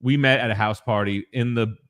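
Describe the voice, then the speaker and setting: A man's voice: mid-range voice, steady tone, a little fast, a bit bright. Slangy, hype man on a live stream. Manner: slangy, hype, swears freely; reads chat messages aloud. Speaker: co-host of a collectibles morning show. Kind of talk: casual live-stream chat. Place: home basement.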